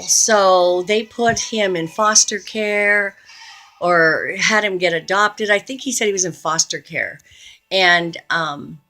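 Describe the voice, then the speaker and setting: Bright, lower-pitched woman telling a testimony. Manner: earnest and conversational, with frequent fillers. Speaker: Christian video host. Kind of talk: personal testimony storytelling.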